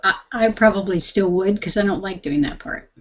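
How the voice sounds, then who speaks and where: A woman's voice: mid-range voice, normal speed, muffled recording. A woman working as a realtor, asking questions in a casual conversation, candid and chaining her thoughts with "and then". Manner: candid, talks in run-on strings of "and then".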